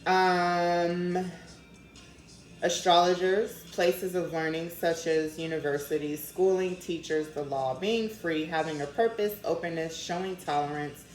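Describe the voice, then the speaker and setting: A woman's voice: fairly low pitch, steady tone, unhurried, roomy sound, soft background music, poor audio. A woman from Denver with a slight Maryland accent, giving a casual tarot reading and chatting loosely with fillers and swearing. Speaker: tarot reader.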